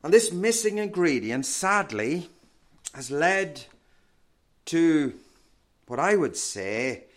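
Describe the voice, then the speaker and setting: A man preaching a sermon in a measured, emphatic teaching manner, often asking rhetorical questions. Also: fairly high pitch.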